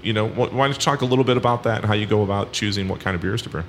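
A man's voice: lowish voice, racing. A man hosting a casual podcast conversation, with lots of fillers as he leads into his questions. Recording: faint background noise.

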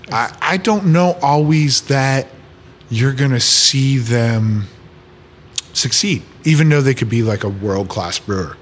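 A man, a brewer, chatting casually in a podcast conversation, relaxed and thinking aloud as he explains how he works. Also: medium pitch. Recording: faint background noise.

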